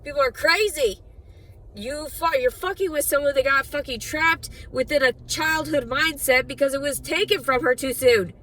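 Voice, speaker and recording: A woman's voice: high voice, moderate pace, fairly bright tone, recorded from a distance, a little hiss or hum. A woman venting in an angry, profane, bitter personal rant for her video diary. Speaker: vlogger.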